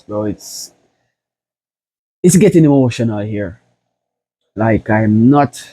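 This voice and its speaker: A man's voice: medium pitch, warm tone, no room sound. A young man with a Jamaican accent hosting a reaction video, talking casually and emotionally and calling his listeners "bro". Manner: emotional, keeps saying "bro".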